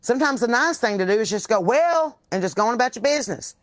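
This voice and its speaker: Her voice runs a little high and she talks at a racing clip; the sound is studio quality with no room sound. She's a podcast host from the Southern US, chatting live and casually outdoors on her porch and spinning animated, salty, swear-laden stories.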